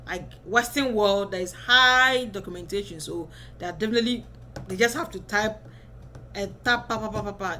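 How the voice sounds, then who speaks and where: A woman's voice: medium pitch, sharp tone, a little hiss or hum. A woman in her twenties giving casual advice to camera as a vlogger, chatty and often checking in with the viewer. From Ghana.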